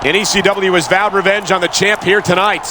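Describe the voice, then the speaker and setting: An actor playing an earnest male play-by-play announcer in a wrestling game, excitedly hyping the action. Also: sits high, brisk, natural voice. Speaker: play-by-play commentator. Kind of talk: scripted wrestling game commentary. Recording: loud crowd and game noise.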